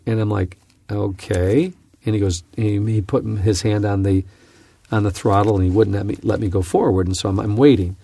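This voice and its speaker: A man teaching from scripture on a podcast, telling a personal story in an earnest, animated way. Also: on the low side, normal speed, vocal fry, husky, no room sound. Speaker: Bible teacher and podcast host.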